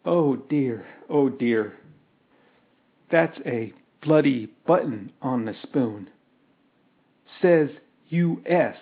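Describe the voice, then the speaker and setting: A man's voice: medium pitch, expressive, very slow, long pauses. Bold young woman explorer, read by a man, eager and observant; narrow tinny recording. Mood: dismayed. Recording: tinny phone-like audio.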